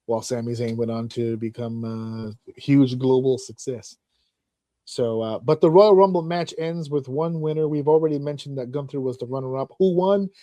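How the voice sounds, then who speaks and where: A man hosting a wrestling podcast, telling stories in a profane, animated way, often mocking fans in put-on voices. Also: mid-range voice, normal speed, no room sound. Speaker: podcast host. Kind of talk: casual chat.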